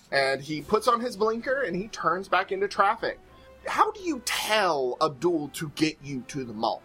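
A game master narrating a tabletop game with a bright, clear tone. The delivery swoops up and down and stretches scene-setting out playfully. It sounds like a relaxed session among friends. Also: medium pitch, normal speed, faint music behind.

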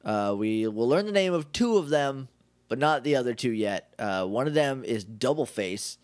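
A man co-hosting a podcast, recapping an episode in casual chat with jokes and quick impressions. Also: mid-range voice. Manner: jokey, animated retelling with quick bits of mimicry. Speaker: podcast co-host.

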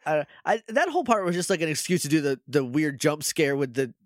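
A man's voice: a little high, big pitch swings, brisk, no echo, clean studio sound. A young man co-hosting a podcast, casually recapping a show in a rambling way and slipping into silly character voices. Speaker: podcast co-host.

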